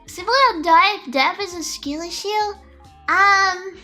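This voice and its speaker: Unhurried but melodramatic, a young streamer rants to her chat in a high, bright, sharp voice, her rambling turning into over-the-top grievances. Faint lofi music sits softly beneath the casual conversation.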